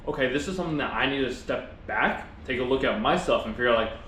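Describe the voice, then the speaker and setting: A man talks quickly through a casual motivational vlog, chewing and speaking with his mouth full. His delivery is earnest and rambling, full of restarts, at an ordinary pitch. The room is echoey, with faint background noise. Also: expressive, a bit bright. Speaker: vlogger.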